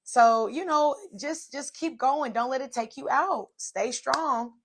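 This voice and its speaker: A woman's voice: high-pitched, slow pace, noisy background. A woman in her twenties hosting a solo podcast, telling a personal story in a chatty, casual way with many fillers. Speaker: podcast host.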